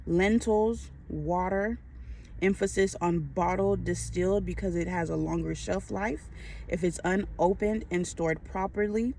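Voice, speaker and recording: Slow, deliberate woman reading a list. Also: fairly low pitch, vocal fry, dark tone, a little hiss or hum. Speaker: faith-based preparedness vlogger.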